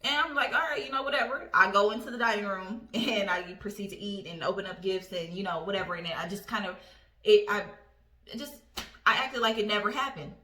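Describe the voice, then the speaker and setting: A woman in her twenties telling a personal story in a casual vlog, animated and profane. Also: mid-range voice, brisk. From Indiana. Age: 20s. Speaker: storytime vlogger. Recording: roomy echo.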